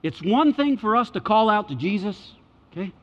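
A male pastor preaching a sermon, emphatic, repeating key phrases and swinging between loud and hushed delivery. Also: high-pitched, lively intonation, moderate pace. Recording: dull sound with long hall reverb.

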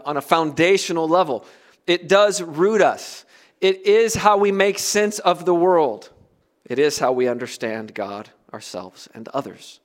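Earnest man preaching a sermon. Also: a little high. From United States. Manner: earnest, emphatic preaching with soft dropped asides. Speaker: pastor.

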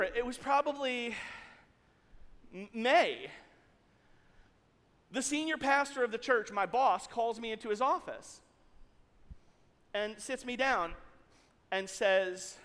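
High-voiced man preaching in a hall. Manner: animated, jokey, talks to the congregation. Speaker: pastor. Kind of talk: sermon storytelling. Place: church hall.

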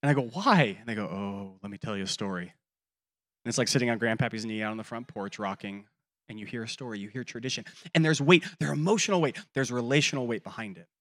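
Animated male pastor preaching. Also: mid-range voice, quick pace. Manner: animated storytelling with quoted voices, swings between loud and quiet. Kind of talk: sermon.

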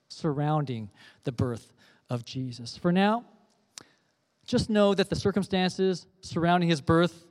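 A pastor giving an earnest sermon, telling a gentle story before turning to scripture. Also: male voice, a little high, in a large hall.

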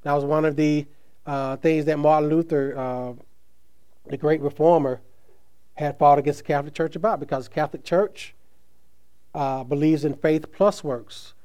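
A man preaching a sermon, speaking with slow emphatic stresses that trail off softly at phrase ends, with casual asides between. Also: fairly high pitch, fairly even intonation, smooth. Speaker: pastor.

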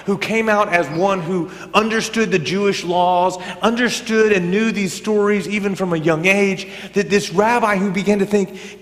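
A pastor with a fairly high voice delivers his sermon in a church sanctuary, where long reverb trails after every phrase. He talks conversationally, swinging from loud emphatic bursts down to quiet, almost whispered asides. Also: fairly even intonation, moderate pace, few pauses.

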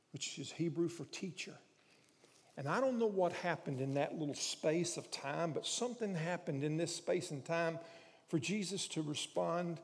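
A man preaching a sermon, moving between quiet, hushed storytelling and loud, emphatic preaching. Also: on the high side, lively intonation, moderate pace. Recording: long hall reverb.

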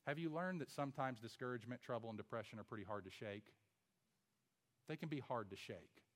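Preaching as pastor, a man delivers an emphatic sermon full of rhetorical questions, swinging from loud to hushed. His voice is medium-pitched and a little fast.

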